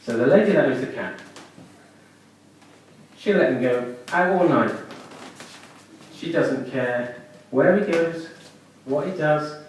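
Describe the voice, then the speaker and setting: A man doing a stand-up comedy set at a small comedy club, with animated storytelling and deadpan asides. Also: mid-range voice, slight background noise. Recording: echoey club room, distant mic.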